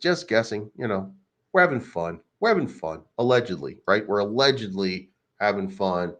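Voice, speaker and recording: In a dull, lo-fi recording, the host of a crypto channel goes on a casual, unscripted rant that is rambling, crude, and mocking. His voice is fairly low and a bit bright.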